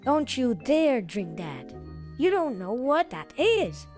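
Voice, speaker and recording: A woman plays a high-voiced, alarmed woman scolding someone away from a strange drink. Her voice leaps up and down and she stretches each word slowly. Faint music plays under the clip. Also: sing-song, a little mellow, exaggerated voice. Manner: urgent, scolding, drawn-out words.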